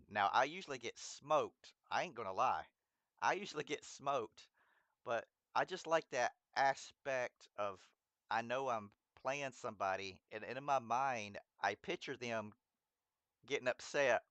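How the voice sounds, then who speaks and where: Male game streamer, mid-pitched, laid-back and rambling, talks straight to his chat. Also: a bit bright, no echo. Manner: rambling, stumbles over names and laughs at himself. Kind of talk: casual live-stream gameplay chat.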